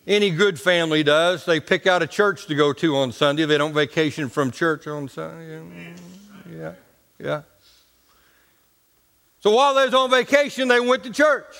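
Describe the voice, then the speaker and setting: A male preacher tells stories from the pulpit in a folksy, joking way, his grammar loose and casual. His voice sits fairly high for a man. It rings out with the long reverb of a large church sanctuary. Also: fairly bright tone, clear, resonant tone. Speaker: pastor. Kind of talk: storytelling sermon.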